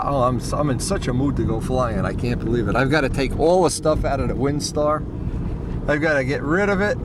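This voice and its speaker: A male vlogger speaks casually to the camera in a middle-pitched voice, rambling and turning sentimental. He often trails off, leaving many sentences unfinished, while a faint hum of background noise sits beneath him.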